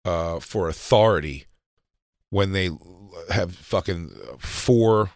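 Low-voiced man telling a profane story. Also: slow, dry recording, clean studio sound. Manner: profane, animated storytelling, acts out quotes. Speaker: podcast co-host. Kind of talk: casual storytelling chat.

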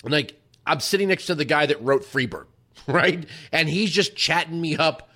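A man's voice: fairly high pitch, lively intonation, normal speed, pushed and bright. A man hosting a radio talk show, answering listener questions in a casual, rambling storytelling manner. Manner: conversational storytelling with many restarts and asides.

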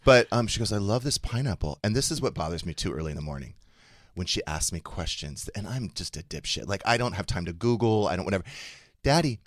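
A man hosting a talk show, chatting casually with animated, self-mocking storytelling and frequent swearing. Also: sits low, quick pace, no echo, clean studio sound. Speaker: radio show host. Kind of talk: casual chat.

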